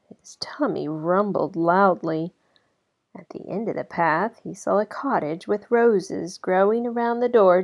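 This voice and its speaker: A woman reading a children's storybook aloud as narrator, in an expressive way that slows down for effect. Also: mid-range voice. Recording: slightly dull lo-fi recording.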